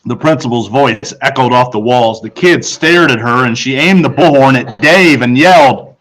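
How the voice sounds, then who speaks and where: A male teacher reads a children's novel aloud. His voice sits at a middle pitch. He keeps the narration steady and quickens through the tense passages. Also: low-quality recording. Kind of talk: read-aloud storytelling.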